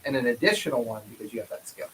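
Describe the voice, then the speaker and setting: A man's voice: medium pitch, sing-song, very fast, fairly bright tone, slight background noise, poor audio. A man running a tabletop game, patiently explaining dice rules and laughing easily. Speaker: game master. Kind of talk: casual tabletop game talk. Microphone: streaming setup mic.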